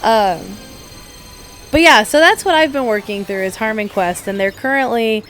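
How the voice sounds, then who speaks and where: A woman with a fairly high, slightly bright voice speaks at a moderate pace, with a little hiss or hum in the recording. Co-hosting a gaming podcast, she chats casually mid-playthrough and retells stories, acting out the quotes.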